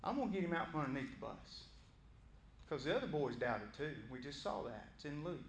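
A male pastor preaching a sermon in a lively, conversational way. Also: on the high side, brisk, echoey room, slight background noise. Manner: animated, conversational, acting out voices of Bible figures.

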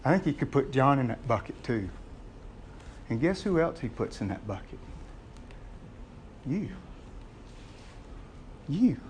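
A man, a pastor preaching a sermon in a conversational way, calling the congregation "gang" and getting loud and excited as he acts out scenes. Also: medium pitch, unhurried, long pauses, slight background noise.

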